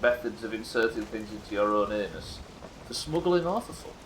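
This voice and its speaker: A man's voice: fairly low pitch, lively intonation, a little fast, noisy background. A man chatting casually while streaming a game, crude and joking, laughing often. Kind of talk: casual live-stream chat.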